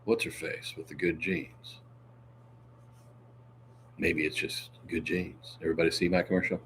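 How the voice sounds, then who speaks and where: A man's voice: deep voice, little pitch movement, moderate pace, a bit bright, slight background noise. A man hosting a casual livestream, reading viewer comments aloud with a joking manner, lots of laughs and filler sounds.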